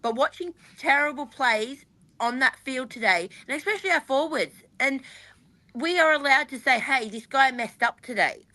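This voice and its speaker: A woman co-hosting a sports fan podcast, chatty and animated, rambling with lots of fillers. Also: sits high, normal speed. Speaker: podcast co-host. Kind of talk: casual fan panel chat.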